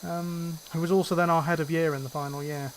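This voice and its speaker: A man's voice: fairly high pitch, little pitch movement, brisk, a little hiss or hum. A young man from northwest England with a faint, fairly neutral northern English accent, rambling in casual chat while gaming. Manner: chatty, rambling, many fillers and restarts. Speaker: gaming channel host.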